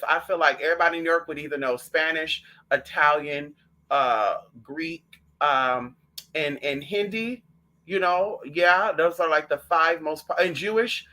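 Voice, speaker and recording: A man's voice: fairly high pitch, normal speed. A man vlogging in a sassy, outspoken casual monologue, chatting with the listener and calling them "girl". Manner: animated and outspoken.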